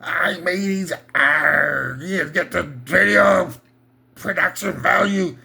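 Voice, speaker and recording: A man's voice: high-pitched, slow, vocal fry, sharp tone, slightly rough, heavily acted. A man putting on a rowdy pirate with a growl. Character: rowdy male pirate video producer.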